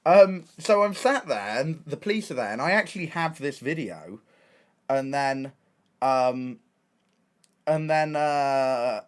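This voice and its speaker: A young man with an English accent, a streamer telling a story in a casual, excitable way, full of slang and restarts. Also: mid-range voice, slow. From England.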